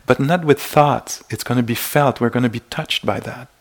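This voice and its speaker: A man with as his gives a meditation dharma talk in a gentle, searching way. His voice carries a gravelly edge at a middling pitch. He often pauses to act out small inner exclamations. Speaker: meditation teacher. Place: meditation retreat hall.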